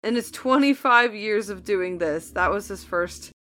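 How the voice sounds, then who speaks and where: A woman's voice: medium pitch, a little slow, fairly bright tone. A woman co-hosting a podcast in casual chat, reading a story aloud and joking with laughs and swearing. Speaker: podcast co-host.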